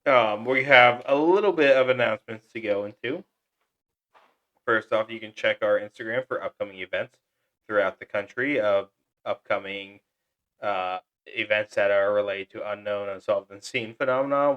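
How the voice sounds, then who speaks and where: Chatty low-voiced podcast host, a man. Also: highs cut off. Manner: upbeat, chatty, with fillers. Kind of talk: casual podcast chat with announcements.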